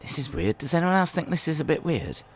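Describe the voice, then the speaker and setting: A man's voice: a little high, sing-song, fast talker. A man hosting a live watch-along stream, musing casually with lots of fillers and restarts. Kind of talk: live reaction commentary.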